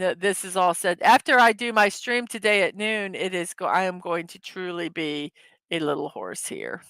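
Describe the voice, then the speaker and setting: A woman's voice: mid-range voice, fairly bright tone, smooth, no echo. A woman hosting a casual morning livestream, chatting loosely, laughing easily at her own jokes and correcting herself mid-sentence. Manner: rambling, self-correcting. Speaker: livestream host.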